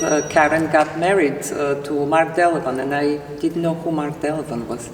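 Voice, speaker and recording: A woman's voice: low-pitched, moderate pace. A woman interviewer chatting and laughing as she recalls being a neighbor. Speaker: interviewer, opera trustee. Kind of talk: casual interview chat. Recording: echoey church hall, distant mic, steady hiss.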